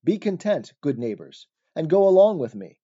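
A man's voice: fairly high pitch, big pitch swings, moderate pace, warm tone, husky, highs cut off. A man reading the part of an earnest, troubled pilgrim who pleads in old-fashioned speech.

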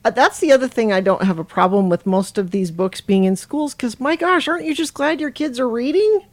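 A woman's voice: fairly high pitch, lively intonation, fairly quick, no echo. A woman hosting a podcast, chatting casually and reading a children's book aloud, laughing often. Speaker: podcast host.

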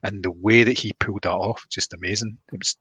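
Man, film podcast co-host, lowish pitch, dry close sound, measured and thinking aloud. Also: steady tone, fairly bright tone, husky, no room sound. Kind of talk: casual film discussion.

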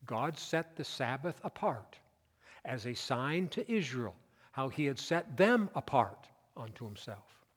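A man's voice: medium pitch, sing-song, a little slow, slightly rough. A male pastor preaching a midweek sermon, reading scripture aloud and then explaining it with rising emphasis. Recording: church hall with long reverb.

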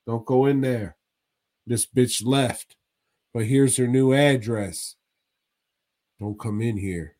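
A man voicing a gruff landlord who is blunt and swears. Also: mid-range voice, slow pace, long pauses, mellow, natural voice. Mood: warning. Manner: blunt, profane.

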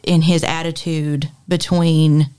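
A woman, co-hosting a podcast and recounting a story in casual chat. She often doubles back on her words as she talks. Her voice sits low for a woman. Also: level tone, slow pace, mellow, clear, resonant tone. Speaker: podcast co-host.

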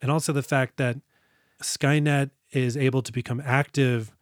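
A man's voice: mid-range voice, steady tone, moderate pace, no echo. Guy cohosting a movie podcast, swears a lot, jokes around, dead dry sound. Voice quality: profane, jokey, acts out movie lines. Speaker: podcast co-host. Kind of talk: casual movie podcast chat.

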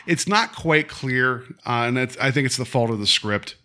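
Casting: man, bright and forceful tone, loose rambling film chat full of fillers. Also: medium pitch, animated, normal speed. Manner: rambling, many fillers, acts out dialogue in quotes. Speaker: co-host reviewing a film. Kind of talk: casual chat.

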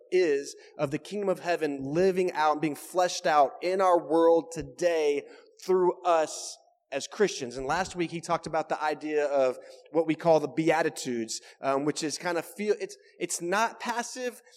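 A pastor preaching in a church, his voice sitting a touch high for a man. He talks to the room in a conversational, emphatic way and keeps checking in with the listeners. A long reverb trails behind every phrase. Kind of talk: sermon.

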